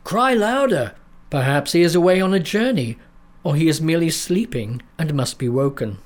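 A man voicing a bold, defiant male prophet in a storybook reading, speaking in a booming, solemn, slow proclaiming way. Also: a little mellow, natural voice. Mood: mocking.

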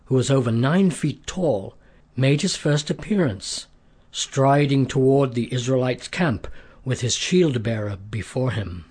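A man narrating a scripted story in a steady, measured way, with a husky voice. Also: medium pitch.

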